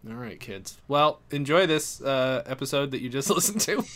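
A man's voice: mid-range voice, lively intonation, moderate pace, noisy background. A man co-hosting a comedy podcast, bantering casually, joking and laughing often with rambling asides. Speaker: podcast co-host.

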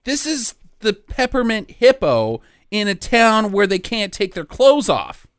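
A man's voice: high-pitched, sing-song, unhurried, clear, resonant tone, dry recording, studio quality. A man hosting a casual movie review podcast, sarcastic and swearing as he recaps a film. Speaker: podcast host.

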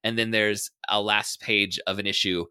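A man's voice: fairly low pitch, little pitch movement, normal speed, pushed and bright, clear, resonant tone, no room sound. A man hosting a podcast in casual chat, rambling with fillers and restarts. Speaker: podcast host.

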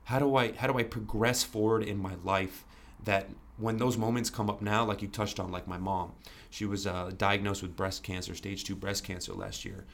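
Brief young man, low-pitched, earnest podcast guest, candid storytelling. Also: fairly even intonation, normal speed, a bit bright, slight background noise. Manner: earnest, restarts often, fillers like "you know".

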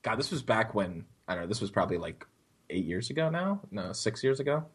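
A man on a podcast telling a story in a casual, animated way, swearing and often laughing. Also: lowish voice, fairly quick, husky. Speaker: podcast co-host.

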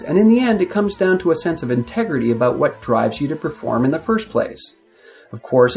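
A male podcast host reads his scripted opening in a measured, reflective way. His pitch rises and falls with lively movement. A faint bed of music plays underneath.

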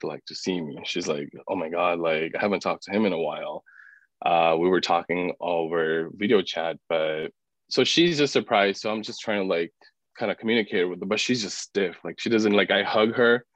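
A man's voice: low-pitched, no room sound. A man telling a personal story as a podcast guest, with many "like" fillers and acting out other people's words. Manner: filler-heavy, frequent "like". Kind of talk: casual storytelling. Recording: dull, dry podcast audio.

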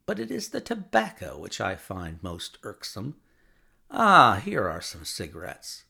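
Man reading Sherlock Holmes, brisk detective, ironic, crisp, lively pitch. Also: heavily acted. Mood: amused.

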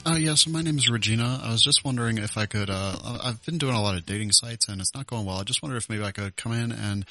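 A man's voice: medium pitch, fast, pushed and bright, faint music behind. Prank call bit: a man playing a fumbling, hesitant woman caller, voice near his own. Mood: awkward. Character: woman named Regina, awkward prank caller.

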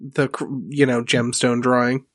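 A man's voice: mid-range voice, little pitch movement, measured pace, fairly bright tone. Hesitant man playing a tabletop game. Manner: polite, hesitant, stumbling. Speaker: player. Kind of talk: tabletop role-play, in-character speech.

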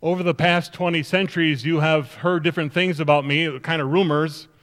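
A pastor playing Mary Magdalene, earnest. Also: male voice, fairly high pitch, fairly even intonation, brisk, a bit bright, natural voice. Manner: earnest, emphatic storytelling addressed to the congregation. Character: grieving then joyful woman disciple, earnest. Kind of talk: first-person dramatic sermon monologue.

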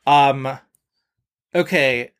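A man's voice: mid-range voice, very slow, fairly bright tone, clear, resonant tone. A man co-hosting a casual film podcast, rambling with lots of filler words as he talks through movies. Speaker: podcast co-host. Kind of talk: casual film-review chat.

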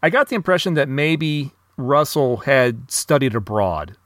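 A man chatting about a film in a tentative, hedging way. His voice is mid-pitched, and the recording is dry and close, with no room sound. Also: big pitch swings, unhurried, a bit bright, dry recording. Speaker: podcast co-host. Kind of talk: casual film discussion.

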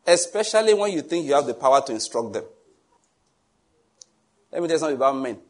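A man preaching a sermon in an animated, joking way, with pleading asides to the congregation. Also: medium pitch, fast.

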